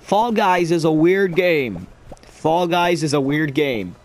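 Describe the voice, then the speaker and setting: A man's voice: on the high side, expressive, slow, slight background noise. A young man rambling and joking through casual gameplay commentary as a gaming video creator.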